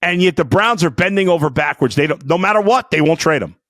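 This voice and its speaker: A man hosting a sports podcast, ranting angrily and swearing, with outbursts that drop to low muttering. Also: animated, fast talker, no echo, clean studio sound. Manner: fiery, profane, swings between shouting and muttering. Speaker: sports talk podcast host. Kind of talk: angry sports rant.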